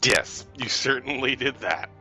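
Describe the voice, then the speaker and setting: A man's voice: mid-range voice, unhurried, pushed and bright, faint music behind. A man playing in a tabletop game over voice chat, matter-of-fact and decisive. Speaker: player.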